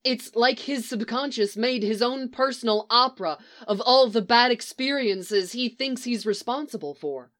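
A woman's voice: a little high, moderate pace, few pauses, fairly bright tone, close to an everyday voice. A woman reading as an urgent, determined young woman. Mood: insistent. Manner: urgent, insistent.

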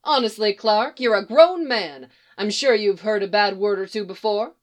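A woman's voice: mid-range voice, lightly acted. A woman doing a blunt, scolding farm mother. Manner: brisk, scolding, dry. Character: older farm wife, blunt and irritable mother.

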